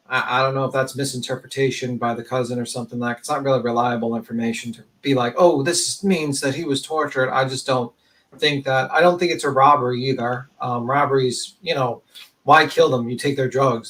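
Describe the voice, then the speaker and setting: A man's voice: medium pitch, fairly bright tone. A man on a casual true-crime panel, thinking aloud and hedging.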